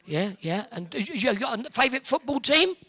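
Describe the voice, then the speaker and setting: Working the audience in an indoor hall, this Hertfordshire host teases the crowd and jokes with quick-fire quips. His pitch is extremely high and swings widely, and his tone comes out pushed and bright.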